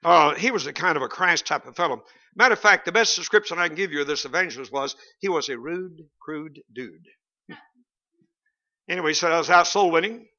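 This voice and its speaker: A man's voice: a little high, a little fast, pushed and bright. A man with a Southern accent preaching a sermon as pastor, folksy and joking, with chuckling asides. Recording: dull lo-fi sound.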